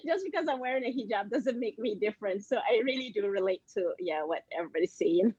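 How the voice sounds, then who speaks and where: High, animated woman on a video call. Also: fairly quick, hardly any pauses, breathy edge, no echo. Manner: animated, laughs, acts out other people's reactions. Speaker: panel guest. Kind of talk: casual chat on video call. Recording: dull lo-fi video call audio.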